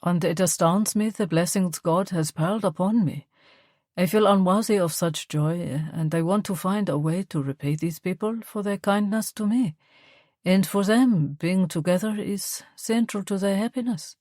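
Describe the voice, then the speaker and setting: A woman's voice: on the low side, normal speed, darkish tone, no echo, studio quality, close to an everyday voice. A woman voicing a grateful woman who talks earnestly and tenderly about her family.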